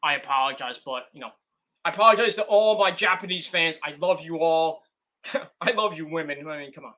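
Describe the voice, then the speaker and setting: On a laid-back wrestling stream, the male host rambles and curses, constantly restarting and leaning on fillers like "you know." He has a fairly high, bright, forceful voice and talks a little fast; the audio's high end is cut off.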